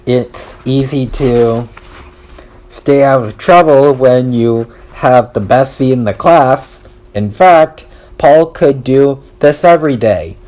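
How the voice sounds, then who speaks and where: A man reading a children's storybook aloud, telling it in a slow, deliberate way. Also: medium pitch, a little mellow. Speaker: audiobook reader.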